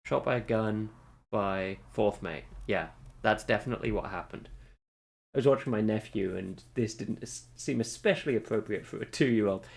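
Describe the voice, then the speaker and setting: Gravelly man musing over a game. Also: on the low side, moderate pace. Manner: thinks aloud, rambling and self-correcting. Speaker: streamer. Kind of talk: casual gameplay commentary.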